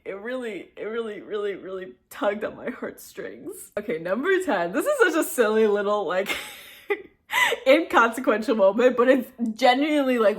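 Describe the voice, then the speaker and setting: A young woman vlogging about a movie in a casual chat, gushing and giggling with lots of fillers. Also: mid-range voice.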